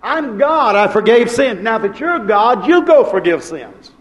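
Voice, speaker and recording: High-voiced man preaching emphatically. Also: very animated, unhurried, low-quality recording. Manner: emphatic preaching with repeated phrases and dramatic swings in loudness. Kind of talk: sermon.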